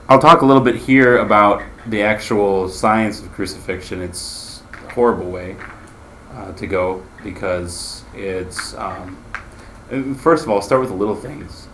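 A man's voice: on the low side, fairly bright tone, slight background noise. A man teaching a Bible class in a conversational way, asking his listeners questions as he explains.

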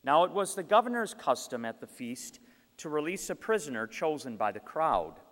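A man's voice: on the high side, big pitch swings, normal speed. Man reading scripture in a reverberant hall. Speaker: scripture reader. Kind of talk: Bible reading.

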